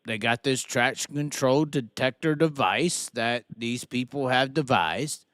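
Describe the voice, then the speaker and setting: A man hosts a casual live-stream talk, his voice clear and smooth. He talks bluntly, swears often and stammers through restarts. The sound is close and dry. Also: mid-range voice, unhurried, a bit bright, no room sound. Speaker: podcast host.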